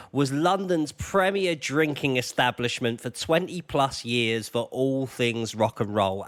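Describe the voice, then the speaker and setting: A man hosting a podcast, narrating a story in a measured, emphatic way. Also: fairly high pitch, clean tone. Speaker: podcast host. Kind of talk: scripted narration.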